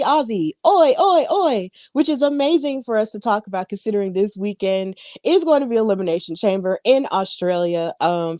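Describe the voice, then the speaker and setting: On this podcast, the female co-host's voice sits on the high side and has a warm tone, captured in clean studio sound without any room sound. Her wrestling recap is casual and chatty, loaded with fillers and side comments.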